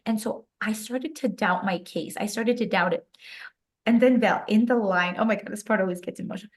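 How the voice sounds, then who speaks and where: A woman's voice: mid-range voice, a little fast. A young adult woman, a guest author, telling a personal story in an interview with emotion and many casual "like" fillers. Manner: emotional, animated retelling with frequent "like" fillers.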